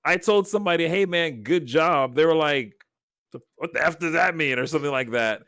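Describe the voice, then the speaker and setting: This man speaks briskly in a voice on the high side, recorded dry with a clean studio sound. He's co-hosting a relaxed podcast conversation, spinning lively stories and voicing the quoted lines of their characters.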